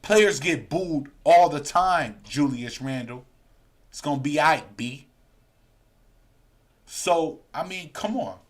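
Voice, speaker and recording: A man's voice: a little high, takes it slowly, pauses often. A man hosting a live sports fan stream, ranting heatedly and reading viewer comments aloud. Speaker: podcast host.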